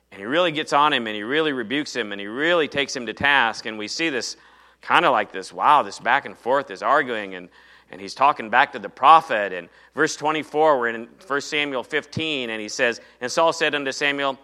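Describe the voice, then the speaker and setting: A man delivers a sermon in an animated storytelling manner, playing out the biblical dialogue himself. His voice sits at a middling pitch with a bright, forceful tone. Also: fairly quick. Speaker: preacher.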